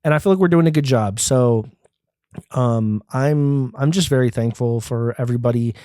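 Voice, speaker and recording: A man's voice: mid-range voice, normal speed, mellow, dry recording, clean studio sound. A man in his twenties hosting a solo podcast, rambling, profane and self-deprecating. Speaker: podcast host. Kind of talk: casual solo podcast monologue.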